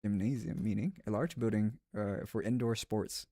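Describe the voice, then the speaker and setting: A man's voice: on the low side, normal speed, hardly any pauses, warm tone, no echo. Rambling man, dry sound. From United States. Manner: rambling, with frequent restarts and fillers. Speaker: streamer. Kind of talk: casual chat with viewers.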